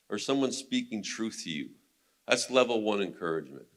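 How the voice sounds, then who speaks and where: A man's voice: lowish voice, expressive, a little fast. A man teaching a men's Bible study in a casual, conversational way, retelling scripture stories and laughing now and then.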